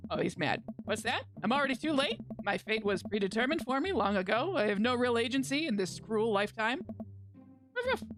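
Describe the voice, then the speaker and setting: A woman's voice: fairly high pitch, animated, brisk, hardly any pauses, over music. A woman streamer, goofy and self-mocking, reading a dating game aloud and joking through it.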